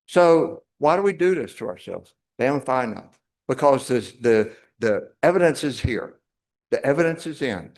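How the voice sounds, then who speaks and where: Casting: middle-aged man, mid-pitched, emphatic and wry public speaker who hammers points home. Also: lively intonation, moderate pace, darkish tone. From North Carolina, US. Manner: emphatic, wry, repeats for effect. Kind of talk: public talk.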